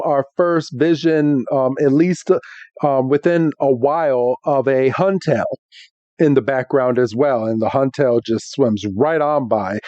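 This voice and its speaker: A man's voice: a little high, warm tone, dry recording. A man co-hosting a podcast in casual chat, laughing often as he recaps an episode and acts out the characters' lines. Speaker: podcast co-host. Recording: dull, muffled podcast audio.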